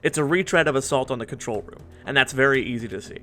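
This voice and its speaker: A man's voice: mid-range voice, fast talker, a bit bright, faint music behind. A man in his twenties narrating a scripted video essay in an earnest, reflective way.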